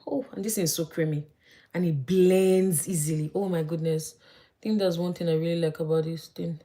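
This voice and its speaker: A young woman chatting as she does her makeup, gossiping in an animated way. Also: lowish voice, normal speed. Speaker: vlogger. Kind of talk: casual chat while doing makeup.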